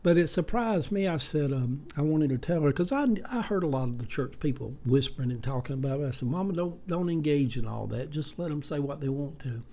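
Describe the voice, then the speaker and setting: A man's voice: fairly high pitch, lively intonation, a little fast, hardly any pauses, dark tone. A man, telling stories in a rambling, folksy way with many fillers. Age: 70s. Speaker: vlogger. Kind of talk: casual monologue.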